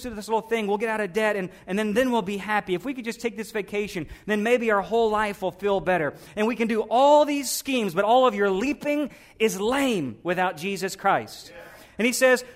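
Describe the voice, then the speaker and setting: High-pitched preacher, earnest sermon delivery, pushes to emphatic peaks. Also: male voice. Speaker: pastor.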